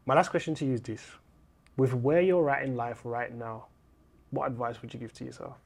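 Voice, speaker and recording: A man's voice: mid-range voice, fairly even intonation, brisk, creaky, a little mellow. Affirming male interviewer. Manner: affirming, frequent murmured agreement. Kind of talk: reflective interview questions.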